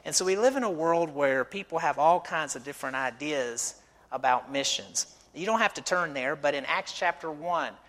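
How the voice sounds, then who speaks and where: Speaking at a moderate pace in a big-sounding room, this middle-aged male missionary delivers a church sermon built around stories and rhetorical questions, in a chatty storytelling style. The sanctuary setting suits his fairly high, slightly bright voice, whose intonation is lively.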